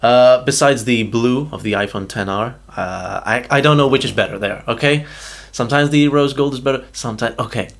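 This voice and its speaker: Picture a young man, co-hosting a casual podcast chat about gadgets. His voice sits in an ordinary middle register. He talks animatedly and keeps checking in with a quick "okay?". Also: mid-range voice. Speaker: podcast co-host.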